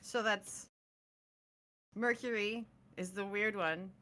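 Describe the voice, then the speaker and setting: A woman playing a tabletop game, thinking out loud and laughing easily. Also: mid-range voice, steady tone, slow pace. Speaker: player. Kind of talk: casual chat at a tabletop game.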